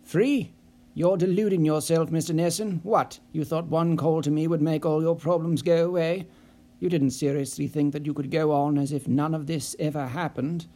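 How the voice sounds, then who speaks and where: Stern investigator, clipped and commanding, read by a man in a slightly high, mellow voice. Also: steady tone, moderate pace. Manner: clipped, cold and authoritative. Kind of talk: audiobook character voice.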